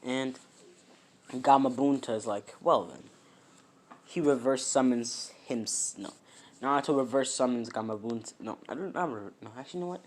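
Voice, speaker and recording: A man's voice: mid-range voice, moderate pace, a little mellow. A man improvising a fan story aloud, rambling with fillers and correcting himself as he goes.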